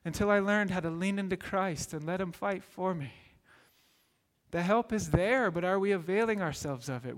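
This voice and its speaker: Male preacher, high voice, earnest sermon storyteller, long hall echo. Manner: earnest storytelling, builds to excited peaks.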